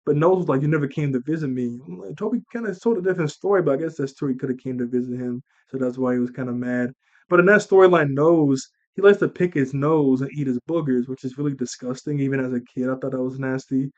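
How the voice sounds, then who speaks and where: A man's voice: medium pitch, fast, muffled recording. Young man rambling through a movie recap. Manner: rambling and animated, laughing, acts out lines. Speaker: movie reviewer.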